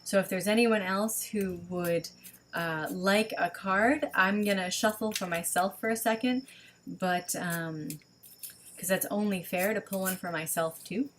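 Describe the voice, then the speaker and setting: A woman leading an online spiritual gathering over a webcam, talking casually and thinking aloud with many pauses and ums. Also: mid-range voice, fairly even intonation, fairly bright tone, a little hiss or hum. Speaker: online service leader. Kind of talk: online livestream teaching.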